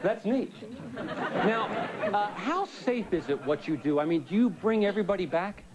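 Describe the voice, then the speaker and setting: A smarmy late-night host, as a man plays him, who giggles his way through interviews. His voice sits very high and swings up and down. A loud studio audience and heavy noise fill the room behind him. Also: lively intonation, normal speed, a crowd in the background. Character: smarmy giggling male talk show host. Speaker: talk show host. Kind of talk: satirical talk show comedy.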